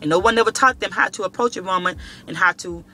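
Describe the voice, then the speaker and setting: A man's voice: high voice, quick pace, a little hiss or hum. A man telling a story to the camera in casual, profane speech, acting out the dialogue. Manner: profane, animated, acts out dialogue. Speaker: vlogger.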